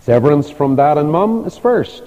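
A man's voice: on the high side, very animated, moderate pace, dark tone, lo-fi sound. An older man preaching a sermon about marriage, telling stories with emphatic delivery and rhetorical questions. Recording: long hall reverb.

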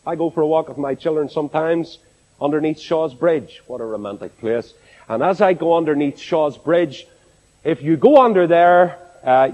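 In a large, echoey assembly hall, a man with a Northern Irish accent preaches to a congregation, expressive and full of rhetorical questions. His voice runs on the high side, and the recording sounds muffled.

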